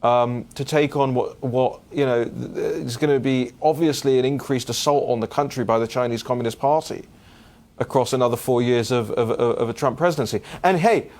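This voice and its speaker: A young adult man hosting a political commentary show, answering listener questions in a casual, animated way, often restarting and repeating words. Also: fairly high pitch.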